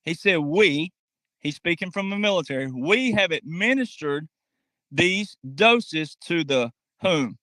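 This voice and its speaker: A man's voice: on the high side, lively intonation, unhurried, bright, forceful tone, no room sound. A man delivering a political commentary monologue, emphatic and talking straight to his audience, acting out quotes in mocking voices. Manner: emphatic, addresses audience directly.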